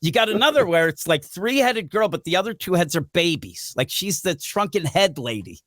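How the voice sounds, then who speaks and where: A man hosting a comic book podcast in casual chat, animated, swearing and laughing often as he acts out characters. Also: sits high, normal speed, no room sound.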